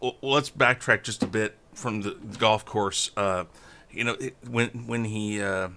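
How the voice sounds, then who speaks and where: A man's voice: fairly low pitch, steady tone, a little slow, pushed and bright, slight background noise. A man co-hosting a movie review show, retelling scenes casually and acting out the characters' lines. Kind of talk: casual film discussion.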